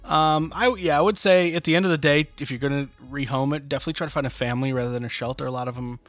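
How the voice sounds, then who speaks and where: A man's voice: mid-range voice, steady tone, racing, fairly bright tone, no echo. A man co-hosting a podcast in casual chat, joking and restarting his sentences a lot. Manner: chatty, stammering restarts, jokey. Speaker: podcast co-host.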